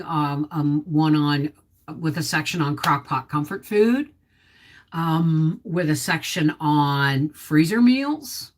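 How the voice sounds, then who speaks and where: Speaking at a fairly low pitch with a bit of brightness, a middle-aged woman hosts an easygoing homestead stream from inside her home. She chats, reads comments from viewers aloud, and baby-talks her dog, captured through a desktop mic.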